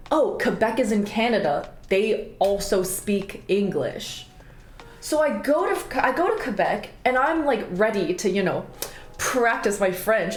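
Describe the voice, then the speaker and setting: A young adult woman streamer in casual chat, telling stories animatedly with big jumps in pitch, swearing often and laughing. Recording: roomy echo with faint background music.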